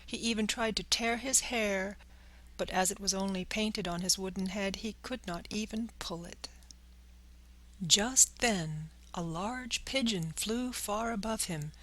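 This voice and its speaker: A woman reading a children's classic aloud as audiobook narration, in a slow, deliberate manner. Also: medium pitch, fairly bright tone, low-quality recording. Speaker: audiobook reader.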